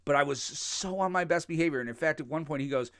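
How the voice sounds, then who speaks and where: A man's voice: fairly high pitch, quick pace, fairly bright tone, no echo. A man co-hosting a podcast in a casual, jokey, rambling way, laughing often. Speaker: podcast co-host. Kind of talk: casual chat.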